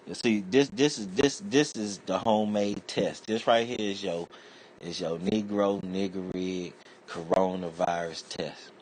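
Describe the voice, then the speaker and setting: This man talks from very low in his chest, loose and rambling as he spins out a comic rant full of cursing. He drifts from point to point in a streetwise, offhand way. A faint hum of noise sits under his voice. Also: steady tone, a little slow, a little mellow. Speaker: internet comedian. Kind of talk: comedic rant monologue.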